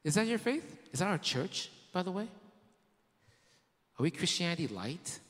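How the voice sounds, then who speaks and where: A man delivers a sermon in a loose, talky way, full of rhetorical questions, restarts and casual fillers. His voice sits a little high for a man. The sound rings out with the long reverb of a hall. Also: very animated, moderate pace. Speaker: pastor.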